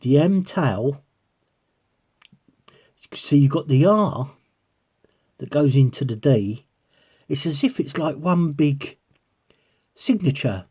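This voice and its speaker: A man's voice: fairly high pitch, lively intonation, slow, pauses often, mellow, slightly rough. A man vlogging as a coin collector, chatting casually to viewers and breaking into giggles as he rambles on. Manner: giggly, keeps breaking into laughter; rambling, talking while peering through a magnifier.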